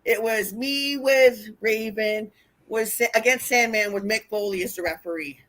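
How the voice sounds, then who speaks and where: A woman telling wild road stories in casual chat, animated and profane, acting out what people said. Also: a little high, normal speed. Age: older. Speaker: wrestling interview guest. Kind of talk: casual storytelling.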